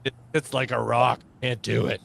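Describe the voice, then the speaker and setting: A man's voice: medium pitch, moderate pace, vocal fry, slight background noise. Swearing man telling a rowdy story. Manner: animated anecdotes, coarse language, laughs at own stories. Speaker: veteran guest. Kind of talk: casual storytelling.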